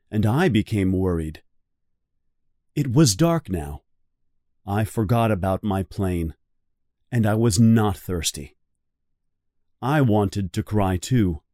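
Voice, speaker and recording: Man reading a story for learners, very slow, lively pitch, close dry sound. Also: dry recording. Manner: very slow, clear and expressive. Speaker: reader of a graded story for learners.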